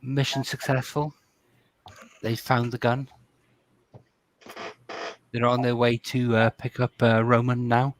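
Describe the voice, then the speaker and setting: A man voicing a nervous male security official in a tabletop role-play, reporting in halting, stammering sentences. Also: medium pitch, level tone, natural voice, low-quality recording. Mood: dutiful.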